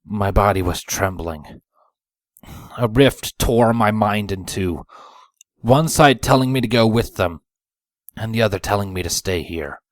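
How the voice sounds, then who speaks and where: A man reading a fan story aloud, narrating in the first person in a quiet, brooding way. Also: fairly low pitch, measured pace, long pauses, dry recording. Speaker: fanfiction reader.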